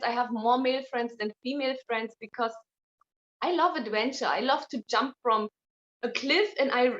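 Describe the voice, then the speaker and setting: Woman, talks straight and blunt, kinda high voice, muffled lo-fi audio. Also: fairly bright tone. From Germany. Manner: blunt, outspoken. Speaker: guest. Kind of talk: casual interview talk. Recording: dull lo-fi sound.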